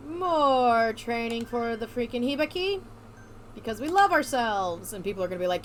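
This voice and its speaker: Excitable young woman gaming commentator. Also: on the high side, normal speed, a little hiss or hum. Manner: excitable, sarcastic, swears freely. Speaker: let's play streamer. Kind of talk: casual gameplay commentary.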